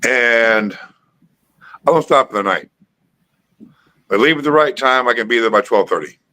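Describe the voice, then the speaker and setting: A man hosts a casual live stream chat, speaking in a relaxed way and often repeating words as he starts his sentences. His voice is mid-range at a moderate pace, and the audio is poor.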